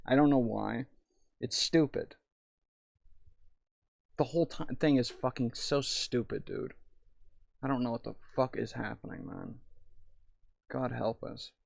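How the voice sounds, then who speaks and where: Tipsy young male streamer, gravelly, loose and profane, reads chat aloud. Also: mid-range voice, unhurried, long pauses, dry recording. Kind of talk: rambling live-stream chat.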